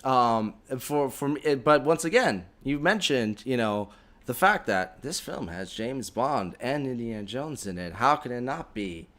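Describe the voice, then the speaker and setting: A man's voice: mid-range voice, lively intonation, unhurried, a bit bright. A man hosting a live comedy podcast in a casual, talkative way. He laughs often and circles back on his own sentences as he works through his points. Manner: laughs often, rambling with restarts. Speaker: podcast co-host. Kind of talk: casual banter.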